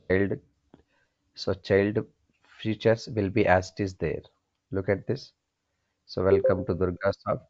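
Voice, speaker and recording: A man's voice: deep voice, a little mellow, muffled recording. A man teaching a programming class, asking his students questions, answering them himself and repeating the key points. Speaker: programming instructor. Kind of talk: classroom coding lecture.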